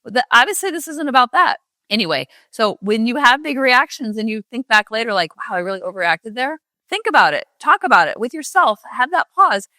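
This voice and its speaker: A woman's voice: a little high, big pitch swings, a little fast, bright, forceful tone, no echo. A middle-aged woman hosting a parenting podcast, talking in a chatty, rambling way with sarcastic asides. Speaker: parenting coach and podcast host. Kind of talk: casual podcast monologue.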